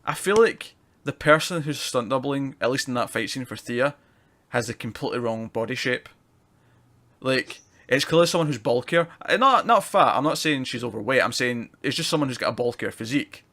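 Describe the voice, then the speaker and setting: A man's voice: mid-range voice, animated, a little fast, fairly bright tone. A man, co-hosting a casual TV review chat, rambling and laughing often. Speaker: podcast co-host reviewing TV.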